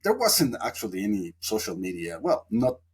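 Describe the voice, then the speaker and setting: With a fairly low, husky voice and big swings in pitch, this Mexican man talks at a moderate pace. He's a guest on a podcast, winding through a lengthy, thoughtful story in a casual interview, full of filler words.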